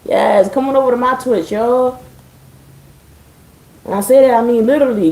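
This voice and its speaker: A woman's voice: fairly high pitch, moderate pace, long pauses, mellow, echoey room, poor audio. A woman streaming live from home, chatting casually with her viewers, swearing freely and keeping a dry, sarcastic edge. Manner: chatty, profane, addressing viewers as y'all.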